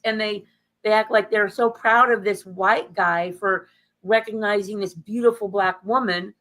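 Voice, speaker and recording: Woman podcast co-host, casual chat, lively sarcastic storyteller, middle pitch. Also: a little slow, rough recording.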